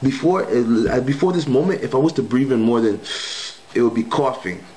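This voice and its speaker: A man's voice: mid-range voice, lively intonation, normal speed, dark tone, slight background noise, rough recording. A young man casually telling a spiritual testimony story in slangy speech, acting out the quoted lines. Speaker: guest giving testimony.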